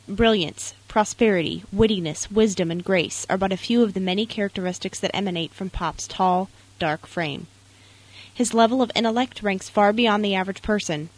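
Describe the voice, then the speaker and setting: A woman's voice: mid-range voice, low-quality recording. A young woman reading a personal essay aloud in an earnest, tender way. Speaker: narrator.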